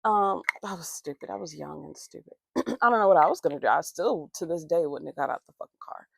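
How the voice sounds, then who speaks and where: Gravelly rambling woman, dry close sound. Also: fairly low pitch, lively intonation, a little fast, dry recording. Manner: rambling, profane, acts out quoted voices. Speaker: vlogger. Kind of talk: casual storytime while doing makeup. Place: at home, morning makeup routine.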